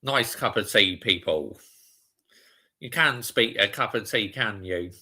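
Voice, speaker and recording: A man's voice: lowish voice, measured pace, pushed and bright, breathy edge. A man hosting a live football watch-along, chatting casually and answering viewer comments.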